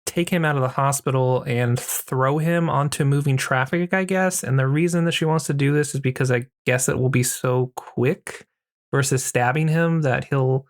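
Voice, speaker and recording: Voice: mid-range voice, moderate pace. A podcast host giving a casual, profane, rambling recap of a horror movie, with lots of filler words. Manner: profane, rambling, heavy use of "like".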